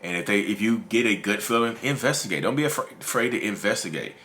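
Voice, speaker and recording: Lively low-voiced man chatting to camera. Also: fast talker, a little hiss or hum. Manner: repetitive, addresses viewers as "y'all". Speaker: YouTube host talking about narcissism. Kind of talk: casual to-camera talk.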